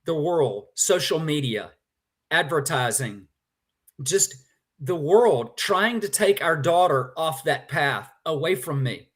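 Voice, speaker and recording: Guest man, slightly high pitch, animated and emotional telling a story. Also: slow. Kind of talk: storytelling in a conversation.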